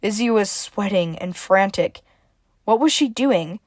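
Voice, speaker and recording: A woman narrating a homemade story in an even, mid-pitched voice. The sound is dry and close, with no room around it. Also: unhurried, dry recording. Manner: reads dialogue with shifting emphasis, stammers for a frightened character.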